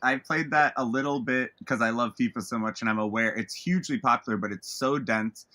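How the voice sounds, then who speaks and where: A male host chatting casually with guests. His voice is bright and forward, and he rambles, stopping and restarting sentences as he goes. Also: medium pitch, fairly quick. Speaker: podcast host. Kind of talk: casual interview chat.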